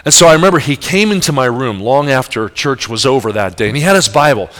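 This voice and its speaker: Speaking fast and expressively with hardly any pauses, this adult man has a medium-pitched, fairly bright voice. He's preaching a sermon, bringing a story to life by performing its quoted voices and putting questions directly to his listeners.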